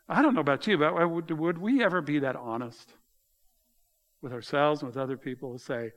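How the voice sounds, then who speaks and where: A man preaching a sermon in a conversational, animated way, swinging from loud to quiet. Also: on the high side, normal speed. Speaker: pastor.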